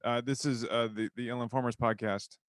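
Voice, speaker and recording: A man's voice: mid-range voice, steady tone, a little fast, clear, resonant tone, no room sound. A man co-hosting a comedy podcast, stumbling over his words with self-mocking, dry wisecracks. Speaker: podcast co-host. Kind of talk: casual comedic banter.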